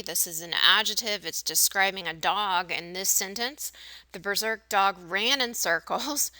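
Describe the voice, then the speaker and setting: A middle-aged woman teaching vocabulary in a recorded lesson, explaining each word with homely examples. Her voice is bright and forward, a little on the low side, and sits dry and close to the mic. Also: dry recording. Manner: explains words with everyday examples.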